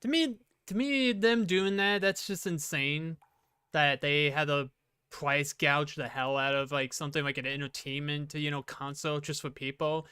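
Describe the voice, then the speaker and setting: A man's voice: a little high, fairly even intonation, moderate pace, bright, forceful tone, clear, resonant tone, no room sound, clean studio sound. A man streaming a horror game, chatting casually with his viewers in a rambling way. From Detroit, Michigan. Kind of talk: casual gameplay commentary.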